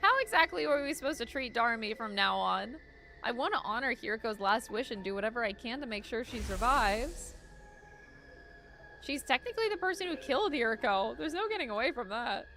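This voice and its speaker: A woman streamer reading game dialogue aloud during a playthrough, expressive, swearing and joking to chat. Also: fairly high pitch, brisk, slight background noise.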